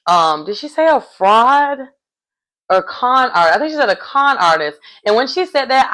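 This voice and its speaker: A young adult woman giving a casual, animated recap of a reality show. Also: lowish voice, low-quality recording. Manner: chatty and animated, acting out quoted lines.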